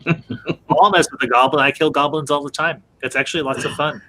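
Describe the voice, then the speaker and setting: A man's voice: on the high side, fairly even intonation, fairly quick, pushed and bright. A man hosting a casual live-stream review chat, joking around, laughing often and greeting viewers.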